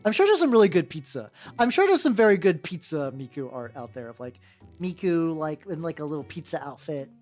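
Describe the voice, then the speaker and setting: A deep-voiced woman, very animated, a little fast and slightly mellow, chats on stream as she paints miniatures. She wanders from topic to topic and pokes fun at herself, with faint music in the background.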